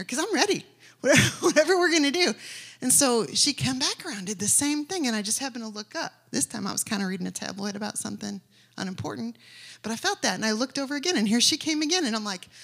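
A woman preaching to her congregation, her voice sitting a little high. She tells stories with animated energy and builds to emphatic, declaring lines. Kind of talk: sermon.

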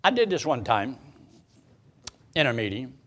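A man's voice: medium pitch, big pitch swings, unhurried, fairly bright tone. A man preaching a sermon, quoting scripture in old-style wording and repeating phrases for emphasis.

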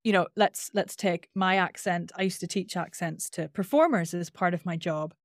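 A woman with a Northern Irish accent and a nasal twang, a voice coach explaining things in an interview with lively demonstrations. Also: on the low side, normal speed, no echo, studio quality. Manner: animated, demonstrates with sung-out sounds.

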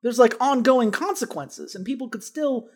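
A man's voice: very high voice, expressive, normal speed. A man co-hosting a gaming podcast, chatting casually with dry, sarcastic asides. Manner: wry, sarcastic. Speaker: podcast co-host. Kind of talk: casual chat.

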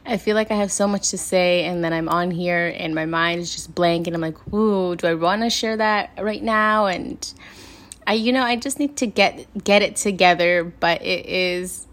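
A woman's voice: on the low side, normal speed. Chatty young woman hosting a solo podcast. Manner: chatty, addresses listeners as "you guys". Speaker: podcast host. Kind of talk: casual solo podcast storytelling.

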